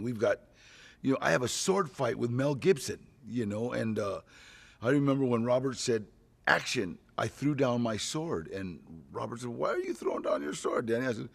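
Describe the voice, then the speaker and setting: Gravelly-voiced man in a casual interview. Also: medium pitch. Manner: rambling, storytelling, with frequent "you know" and chuckles. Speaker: actor promoting a film.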